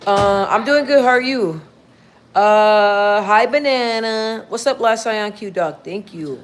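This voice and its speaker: A young woman chatting casually on a livestream, slangy and relaxed as she talks to her viewers and her dog. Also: mid-range voice, a little slow. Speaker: livestream host.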